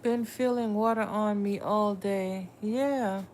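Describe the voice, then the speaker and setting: A woman's voice: mid-range voice, fairly even intonation, takes it slowly, darkish tone, a little hiss or hum. A woman tarot reader chatting casually with viewers on a livestream, blunt and swearing freely. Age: adult with a son.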